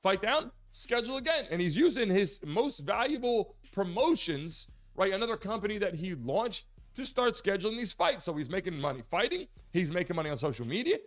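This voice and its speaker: A man hosting a solo sports talk show, animated, swinging between loud emphatic bursts and low muttered asides. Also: fairly quick. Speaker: host.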